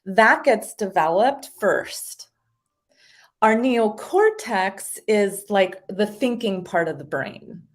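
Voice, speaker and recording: A woman talking as a guest, explaining ideas in a casual, animated way and acting out little voices as she goes. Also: medium pitch, slow. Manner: animated, acts out little voices in her stories. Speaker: guest speaker explaining identity.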